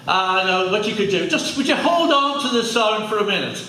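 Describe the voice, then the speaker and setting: A man's voice: sits high, expressive, normal speed, bright, forceful tone. Irish man lecturing in an echoey hall. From Ireland. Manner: conversational, jokey asides with audience. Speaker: speaker giving a public talk. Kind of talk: lecture to a live audience. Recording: echoey hall, mic at a distance.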